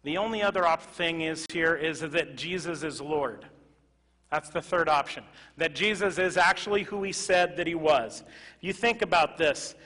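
A male pastor preaching a sermon to his congregation, moving from loud emphatic exclamations to quiet, earnest asides. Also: a little high, normal speed. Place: church sanctuary. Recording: reverberant church hall.

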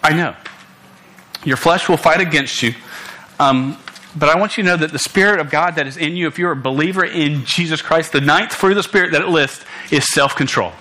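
Bright-voiced, stammering young male preacher. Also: on the high side, brisk. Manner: earnest, stammering restarts, punchy asides to listeners. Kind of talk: sermon. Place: room with a live congregation.

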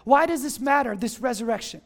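A pastor preaching a sermon at a church service, impassioned, rising into shouts and calling on the congregation to respond. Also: mid-range voice, expressive, a little fast.

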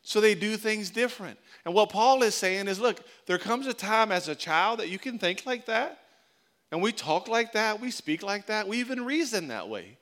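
A man with a high, light voice preaches to his congregation. He is animated and tells stories, slipping into small acted-out scenes to make his point. He talks like a pastor with his people gathered in front of him. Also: moderate pace. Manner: animated storytelling, acts out little scenes. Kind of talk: sermon.

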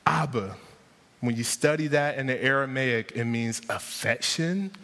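A man's voice: medium pitch, moderate pace, a bit bright. A man preaching a sermon to his congregation, rousing them with repeated rhetorical questions. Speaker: pastor. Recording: long hall reverb.

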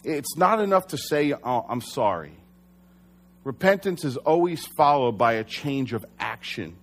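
A man's voice: a little high, expressive, moderate pace. A young adult man preaching a sermon as pastor, earnest and conversational, sometimes correcting himself.

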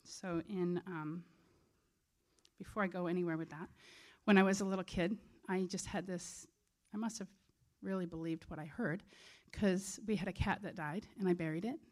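A woman's voice: fairly low pitch, fairly even intonation, normal speed. A woman preaching a sermon in an earnest, conversational way.

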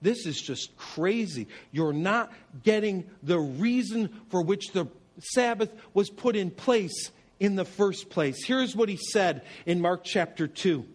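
A man preaching a sermon as pastor, animated and humorous, telling stories and asking rhetorical questions. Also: sits high, a little slow.

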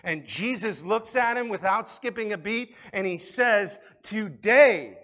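A man preaching a sermon to a congregation, swinging between loud appeals and quiet reflection. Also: high voice, expressive, measured pace. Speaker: pastor.

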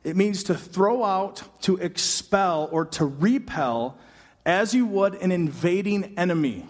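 A man preaching a sermon as a pastor, telling the story in an animated, humorous way with quick asides. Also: high-pitched. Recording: long hall reverb.

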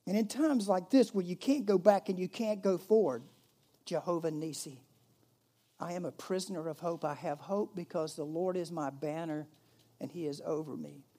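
Male pastor, mellow tone, conversational sermon with loud peaks and soft drops. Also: on the high side, normal speed. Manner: conversational, with emphatic rises and hushed drops.

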